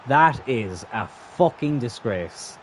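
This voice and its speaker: A young man commentating his own football video game match as a streamer, swinging from calm remarks to frustrated, swearing outbursts. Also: mid-range voice, slow, slight background noise. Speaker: gaming streamer. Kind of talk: live gameplay commentary.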